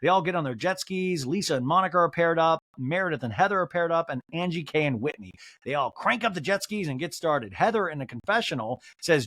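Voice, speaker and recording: A man hosting a podcast who recaps a reality show in a joking, animated way and acts out the quotes. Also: fairly high pitch, a little fast, hardly any pauses, no room sound, clean studio sound. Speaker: podcast host. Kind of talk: comedic TV recap.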